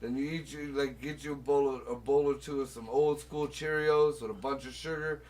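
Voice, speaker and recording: A man hosting a crude casual chat who talks loud and profane and often bursts into shouting. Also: medium pitch, steady tone, moderate pace, far from the mic, a loud crowd. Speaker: host.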